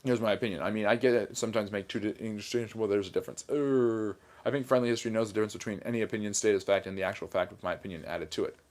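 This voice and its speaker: A man with a somewhat low voice hosts a casual livestream. He reads viewer comments aloud and answers each one plainly. His replies turn argumentative and mildly sarcastic. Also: fairly even intonation, very fast, hardly any pauses, a little mellow. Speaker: livestream host reading chat.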